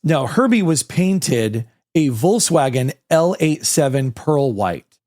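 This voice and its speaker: A man co-hosting a podcast, sharing film trivia in casual chat with relaxed asides. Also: a little high, takes it slowly, dry recording, studio quality. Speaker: podcast co-host.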